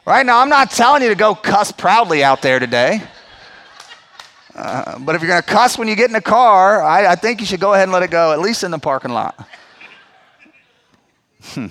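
High-voiced man preaching. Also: big pitch swings, normal speed, pauses often, a bit bright. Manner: conversational, emphatic preaching with acted-out quotes. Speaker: pastor. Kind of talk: sermon.

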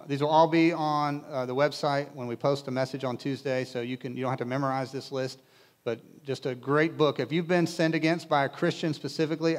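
A male pastor preaching to a congregation in a conversational way, with casual asides and humor. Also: mid-range voice. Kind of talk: sermon. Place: church in front of a congregation.

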